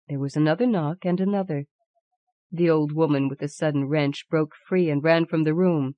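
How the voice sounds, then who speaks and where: A woman narrates an audiobook in a measured, even manner. Her voice sits low, and the recording is dry and close. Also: dry recording, highs cut off. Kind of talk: scripted narration.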